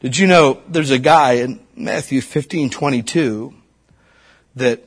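A man preaching a sermon as a storyteller, climbing high and loud when stirred. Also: measured pace. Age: adult parent.

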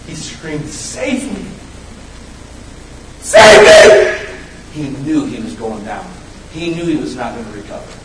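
A man preaching a sermon, swinging between loud, high bursts and low, hushed lines. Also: background noise. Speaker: pastor. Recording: roomy echo, mic at a distance.

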